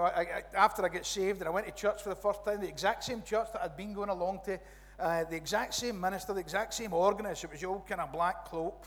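A man with a West Coast Scottish accent preaching a conversational sermon as a pastor, animated and rambling, full of restarts and "you know, right?" asides. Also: high-pitched, long reverb tail. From Scotland. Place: church.

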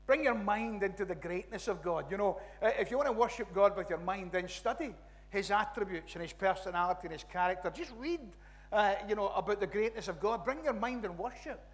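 High-voiced Scottish preacher in a reverberant church. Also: male voice, brisk. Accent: West Coast Scottish. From Scotland. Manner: animated, rambling with restarts and "you know, right?" asides. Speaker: pastor. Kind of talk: conversational sermon.

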